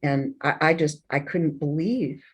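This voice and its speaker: There's a breathy edge to the low voice of this middle-aged woman as she tells an interviewer about something painful she lived through. Her delivery is emotional and halting, full of fillers and restarts.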